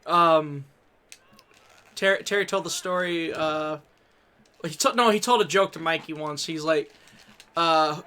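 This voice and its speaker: A man with a high, bright voice tells rambling, crude stories while playing a game with friends. He talks casually, stumbling and restarting, and laughs at his own punchlines. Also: measured pace, long pauses, clean tone. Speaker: gaming streamer. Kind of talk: casual gaming banter and storytelling.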